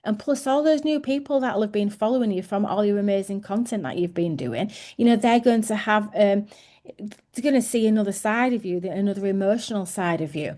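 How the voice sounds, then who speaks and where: A woman's voice: medium pitch, fairly quick, warm tone. A woman in her thirties giving a chatty coaching talk to her sales team as team leader, with many fillers and restarts.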